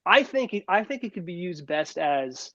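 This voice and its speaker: A man's voice: high-pitched, sing-song, normal speed, fairly bright tone, dry recording, highs cut off. A young man co-hosting a podcast in casual chat, rambling with many restarts and fillers. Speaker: podcast co-host.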